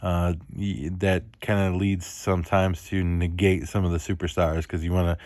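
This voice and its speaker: Low flat-voiced man rambling on football. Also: moderate pace, dry recording, studio quality. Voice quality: monotone, self-described. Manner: rambling, lots of ums and uhs. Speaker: fantasy football league host. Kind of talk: solo casual podcast commentary.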